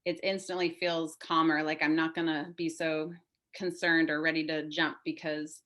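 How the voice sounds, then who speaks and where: A woman's voice: deep voice, flat delivery, normal speed, fairly bright tone. A woman taking part in an online workshop over a video call, answering hesitantly and searching for words. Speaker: workshop participant.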